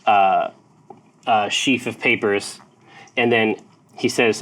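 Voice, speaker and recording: Man slowly narrating a tabletop game. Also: lowish voice, fairly even intonation, a bit bright. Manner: slow, searching scene description. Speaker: game master.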